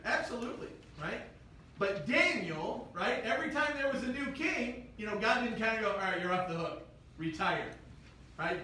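High, bright-voiced preacher in an echoey church. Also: male voice, far from the mic, slight background noise. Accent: Midwestern American. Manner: conversational, frequent "right?" check-ins. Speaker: pastor. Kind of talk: sermon. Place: church sanctuary.

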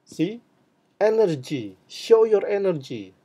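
A man's voice: sits high, slow pace, breathy edge. A man teaching an English lesson, modeling phrases with energy and explaining in too. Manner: energetic, demonstrative delivery of phrases; switches between English and Indonesian explanations. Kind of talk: classroom lesson.

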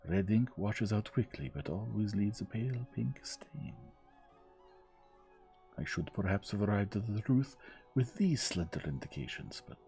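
A man's voice: fairly low pitch, mellow. A man voicing a fussy, precise older Belgian male detective who lays out his reasoning step by step. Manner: measured, explaining step by step.

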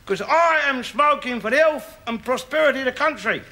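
A ranting old grump. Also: male voice, very high voice, expressive, fairly quick, exaggerated voice. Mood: blustering. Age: older. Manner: blustering, shouting, swearing. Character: ranting cantankerous old working-class London man. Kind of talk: studio sitcom acting. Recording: studio audience laughter and noise. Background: audience laughter.

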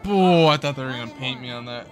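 A young man hosting a gaming video, giving excited let's-play commentary and cheering his team on with slangy outbursts. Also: medium pitch, fast, noisy background. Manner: hyped, yelling at the game, slangy.

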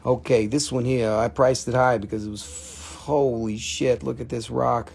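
A man's voice: medium pitch, steady tone, normal speed, gravelly, a little mellow, breathy edge. A middle-aged man hosting a live stream, selling rocks with profane, joking, rambling talk.

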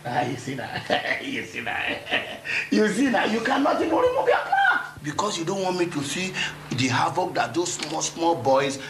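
A man's voice: fairly high pitch, expressive, measured pace, hardly any pauses, slight background noise. A man playing a cruel, mocking drunken stepfather who bullies and laughs scornfully. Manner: taunting, bullying, laughing scornfully. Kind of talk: film drama acting. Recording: echoey room with loud music.

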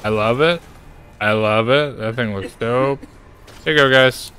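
A man giving casual gameplay commentary, excitable, playful and chatty. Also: medium pitch, measured pace. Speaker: gaming streamer.

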